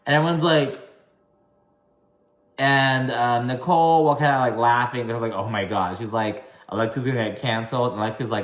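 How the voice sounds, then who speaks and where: This man swears freely while giving a chatty, gossip-filled rundown of a reality show, parroting cast members in shrill, exaggerated voices. He talks at normal speed, and the sound is roomy.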